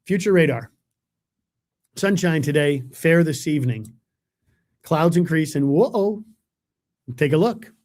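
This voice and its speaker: A man's voice: fairly high pitch, animated, slow, pauses often, darkish tone. A middle-aged man, a TV weatherman chatting casually on a live webcast and reading out viewer comments, rambling and self-deprecating with lots of fillers. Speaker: TV meteorologist hosting a live webcast.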